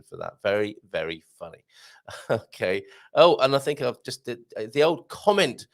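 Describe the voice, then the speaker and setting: A middle-aged man with a gravelly, slightly croaky voice that swings widely up and down as he chats. He hosts a live show in a jokey, self-mocking way, reading out viewer comments between chuckles. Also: medium pitch. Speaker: livestream host.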